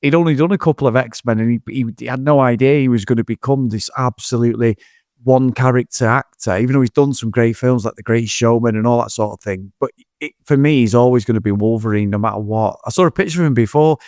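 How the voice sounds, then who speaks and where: A man talks through a film on a podcast, rambling from point to point with animated energy and the odd swear word. His voice sits at a middling pitch. The sound is dry and close. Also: fast talker, no room sound. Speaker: podcast co-host. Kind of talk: casual film review chat.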